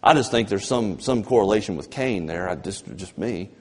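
A man preaching a fervent sermon as pastor, swinging between loud emphasis and low, drawn-out passages. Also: animated, breathy edge. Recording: long church reverb.

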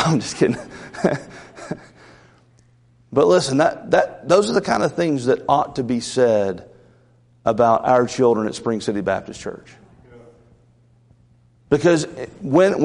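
A man's voice: mid-range voice, darkish tone, in a large hall. A man from the South, a pastor preaching a Wednesday night sermon in an earnest, conversational way with asides. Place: church sanctuary.

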